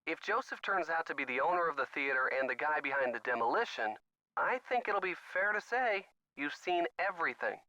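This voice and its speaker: A man's voice: fairly high pitch, lively intonation, a little fast, sharp tone, dry recording, muffled recording. A man voicing a wry young male sidekick in a video game, dry and teasing.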